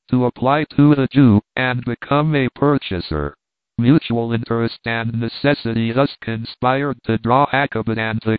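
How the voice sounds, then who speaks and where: Male audiobook narrator, steady reading, dry close sound, thin phone-like quality. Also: medium pitch, clear, resonant tone, dry recording.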